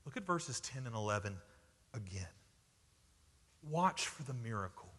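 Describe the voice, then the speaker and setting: A man preaching a sermon, emphatic, dropping from loud declarations to hushed lines. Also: medium pitch, sing-song, measured pace. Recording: hall reverb.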